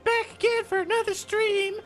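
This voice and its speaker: A man's voice: very high-pitched, little pitch movement, normal speed, fairly bright tone, faint music behind. A man voicing a ditzy, cutesy young female streamer persona, bubbly and airheaded, squealing when panicked. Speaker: game streamer. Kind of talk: put-on character voice on a livestream.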